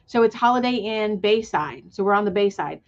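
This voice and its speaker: A woman's voice: mid-range voice, expressive, a little fast. Enthusiastic woman on a lo-fi call. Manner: enthusiastic, rambling with fillers. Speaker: guest, retreat organizer. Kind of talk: webinar conversation.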